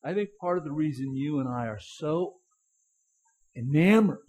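A man's voice: a little high, lively intonation, normal speed, a little mellow, low-quality recording. A middle-aged male pastor giving a sermon, telling a story in a chatty way with chuckles and stressing each word in scripture lists.

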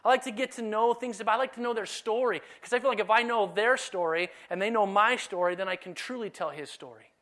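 A man preaching a sermon in a conversational, animated way, now and then dropping to a soft, low delivery. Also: fast, few pauses. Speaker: pastor.

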